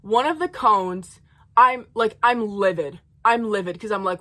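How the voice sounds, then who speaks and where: A woman's voice: medium pitch, unhurried, sharp tone. A young woman in college telling a profane, heated storytime rant in her own rambling way. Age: young adult. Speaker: college student vlogger.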